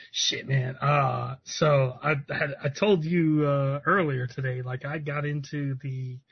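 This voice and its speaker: A man co-hosting a podcast, telling animated, profane stories and laughing as he talks. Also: medium pitch, slow, creaky, slightly rough, dry recording. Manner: animated storyteller, swears, laughs a lot. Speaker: podcast co-host. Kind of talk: casual chat. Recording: dry, dull lo-fi sound.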